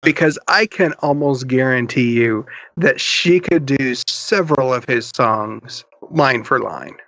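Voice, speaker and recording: Slow, bright-voiced man in chat. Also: mid-range voice, dry recording, dull audio. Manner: halting, backchannels often. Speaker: podcast co-host. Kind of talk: casual chat.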